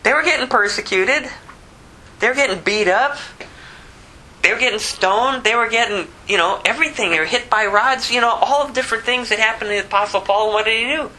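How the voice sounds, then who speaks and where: A man preaching a verse-by-verse sermon, telling the story animatedly and swinging from loud to hushed. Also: high voice, a little fast, rough recording. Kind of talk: expository sermon.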